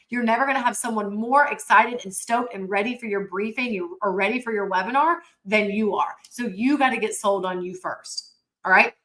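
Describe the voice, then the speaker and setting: A woman's voice: mid-range voice, bright, forceful tone, poor audio. A woman teaching a sales training webinar, talking with energy and emphasis in a coaching manner over a computer mic.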